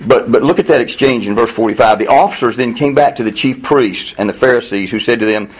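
A pastor leads a conversational Bible study, reading a passage aloud verse by verse and explaining each one. His mid-range voice is fast and breathy-edged with few pauses, and the audio quality is poor.

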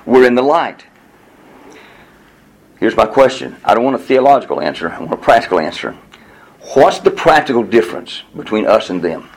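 A man's voice: mid-range voice, sing-song, normal speed, pauses often, poor audio. A man leading an interactive Bible class, asking questions and preaching to the group.

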